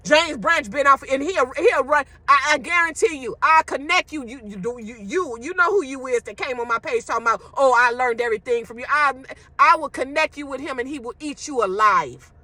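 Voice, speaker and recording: A woman's voice: high voice, lively intonation, normal speed, hardly any pauses, pushed and bright, no room sound. A woman delivering a blunt, emphatic rant to her viewers, with profanity. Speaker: social media commentator. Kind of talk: ranting monologue to viewers.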